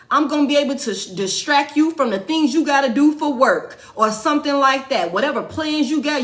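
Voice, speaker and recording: A woman's voice: sits high, fairly bright tone. A woman giving a casual tarot reading, blunt and profane, repeating lines for emphasis. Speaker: tarot reader.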